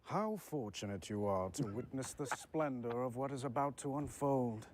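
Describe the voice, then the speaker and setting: A man voicing a grandiose, cruel vampire lord with slow, gloating menace. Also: medium pitch, darkish tone, slight background noise, close to an everyday voice.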